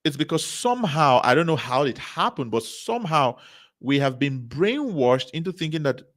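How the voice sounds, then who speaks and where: A man's voice: fairly high pitch, sing-song, normal speed. Emphatic man giving a motivational seminar talk. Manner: emphatic, repeats key phrases, asks the audience rhetorical questions. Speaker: seminar speaker.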